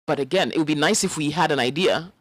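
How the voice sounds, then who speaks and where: Co-host, calm and probing, dry close sound. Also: male voice, a little high, no echo. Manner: measured, questioning. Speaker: radio co-host. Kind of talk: studio discussion.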